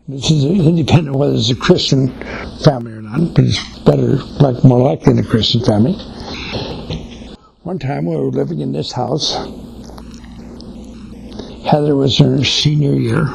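A man's voice: a little high, creaky, noisy background. An older man giving an informal, folksy sermon on family life, telling anecdotes. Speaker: Christian speaker on family life.

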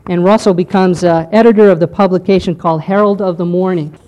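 A woman teaching a history lesson to a class, explaining step by step and often pausing to check in with "okay". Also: fairly low pitch, steady tone, warm tone, lo-fi sound. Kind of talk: lecture on church history.

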